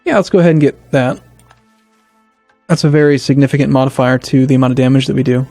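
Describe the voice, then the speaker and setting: A man casually commenting on his strategy game as a let's play host, thinking aloud with hesitant restarts and sudden bursts of excitement. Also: medium pitch, fast, vocal fry, no room sound, soft background music.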